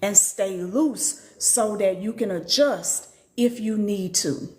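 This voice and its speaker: A woman's voice: slow pace, darkish tone. A middle-aged woman, a spiritual teacher, talking casually on a live stream with slangy, profane storytelling that jumps into quoted voices. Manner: acts out quotes in a much higher voice.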